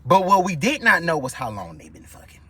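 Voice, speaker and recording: Animated, high-pitched young man telling a story. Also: brisk, husky. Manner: animated, profane, gossipy, with sudden high-pitched outbursts. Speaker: storyteller vlogger. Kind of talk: casual storytime monologue.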